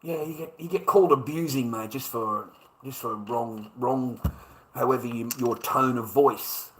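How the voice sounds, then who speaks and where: A man's voice: mid-range voice, a little slow, fairly bright tone, rough recording. A man with an Australian accent in a profane, repetitive monologue, stammering as he restarts his sentences. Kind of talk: ranting monologue.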